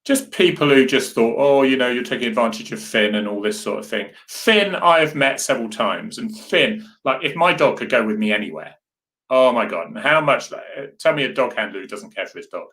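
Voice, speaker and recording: A man's voice: mid-range voice, animated, a little fast, a bit bright. A man hosting a casual live chat, talking earnestly and rambling as he answers viewer comments. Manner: rambling, earnest, with many restarts and asides to viewers. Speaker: host.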